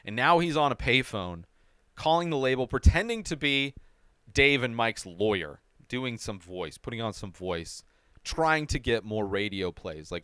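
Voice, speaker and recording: A man's voice: mid-range voice, lively intonation, normal speed, fairly bright tone, smooth, dry recording, studio quality. A man hosting a TV episode recap podcast, talking casually and animatedly with lots of fillers. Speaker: podcast host.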